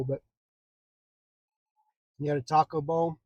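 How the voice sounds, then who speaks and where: A man's voice: a little high, normal speed, darkish tone, highs cut off. A man who chases storms and photographs them, chatting casually with viewers on a live stream from the roadside. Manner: easygoing, chatty, talks to viewers. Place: outdoors by the roadside on open plains.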